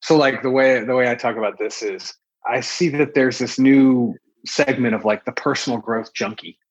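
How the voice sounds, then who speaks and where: A man's voice: mid-range voice, normal speed, muffled recording. A man in his late thirties, a podcast guest, speaking in an earnest, thoughtful way. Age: 30s. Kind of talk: reflective interview talk.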